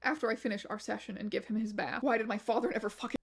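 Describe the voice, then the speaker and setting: A woman streamer reading blog posts aloud on a stream in a steady, matter-of-fact way. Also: medium pitch, rapid-fire, slightly rough.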